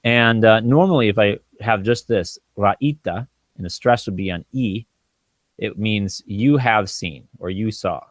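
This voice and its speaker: Low-voiced man teaching Hebrew, halting. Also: no room sound. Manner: thinking aloud, halting with frequent ums and restarts; sounds out Hebrew words slowly syllable by syllable. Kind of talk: informal teaching walkthrough.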